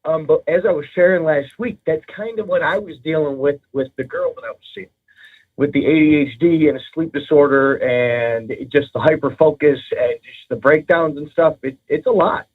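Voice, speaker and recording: A man's voice: on the high side, moderate pace. A man calling in to a talk show, chatting loosely and swearing freely. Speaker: caller. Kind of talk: casual chat over the phone. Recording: tinny phone line.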